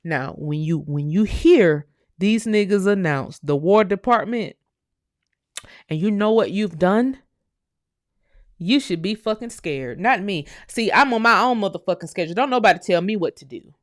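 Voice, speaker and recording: A woman, from the United States, holding forth on her live show. She drives points home with profanity and repeated phrases, in a mid-pitched voice recorded dry and close. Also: animated, moderate pace, no room sound. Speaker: host. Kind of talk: heated live-stream rant.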